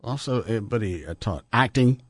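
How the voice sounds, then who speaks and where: Lively rambling radio host man. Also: on the low side, moderate pace, husky, dry recording, clean studio sound. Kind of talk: casual chat.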